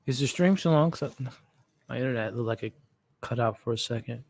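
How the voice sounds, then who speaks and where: A man's voice: medium pitch, fairly quick, gravelly, a little mellow. A young adult man hosting a live watch-along stream, chatting casually and emotionally with his viewers in slangy speech. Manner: emotional, talks to chat and his dog, slangy.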